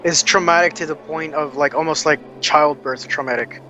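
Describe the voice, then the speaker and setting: A man's voice: on the high side, fairly even intonation, normal speed, pushed and bright, muffled recording, faint music behind. A man narrating as game master of an online tabletop game, rambling and restarting his phrases.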